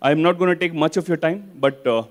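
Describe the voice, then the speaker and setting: A man's voice: on the high side, fairly even intonation, racing. A young man from South India doing stand-up at an awards event, Indian English with a Kannada accent, switching languages and acting out characters. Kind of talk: stand-up comedy.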